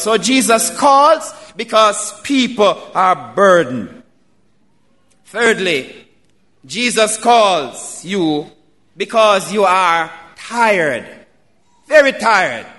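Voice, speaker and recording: A man preaching a sermon, slow and emphatic, building to loud calls. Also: very high voice. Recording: reverberant hall.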